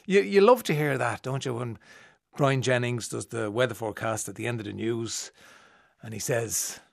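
A man's voice: mid-range voice, normal speed, creaky, dry recording. A man presenting on radio, teasing and playful in banter.

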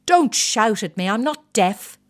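A woman plays a peevish elderly husband who is a little hard of hearing. He speaks slowly and querulously, a touch high. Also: very animated.

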